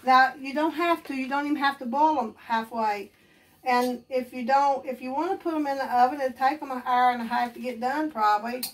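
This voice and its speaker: Homey Appalachian cook, high voice, teasing and talkative, recorded from a few feet away. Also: female voice, a little fast, distant mic. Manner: chatty, rambling, teasing. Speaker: cooking show host. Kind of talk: casual cooking demonstration. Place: home kitchen.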